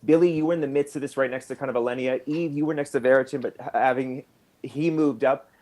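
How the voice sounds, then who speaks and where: A man's voice: medium pitch, steady tone, darkish tone. Rambling male game master narrating. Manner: rambling, with fillers and restarts, quickening in tense moments.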